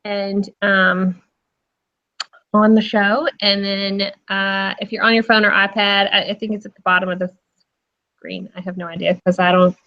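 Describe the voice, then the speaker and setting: A woman's voice: mid-range voice, level tone, normal speed, highs cut off. A woman hosting a casual live interview show, chatty, with lots of fillers and frequent laughter. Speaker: host.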